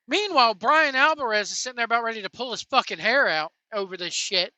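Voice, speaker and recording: A woman's voice: a little high, animated, a little fast, few pauses, sharp tone, dry recording. A woman giving a profane, mocking rant reacting to wrestling clips, talking while driving. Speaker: wrestling commentary vlogger. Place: in a vehicle.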